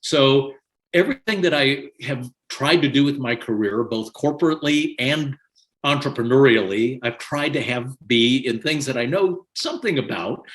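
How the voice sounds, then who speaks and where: Animated older man telling stories. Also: mid-range voice. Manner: animated, laughs often while telling stories. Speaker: podcast guest. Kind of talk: conversational storytelling.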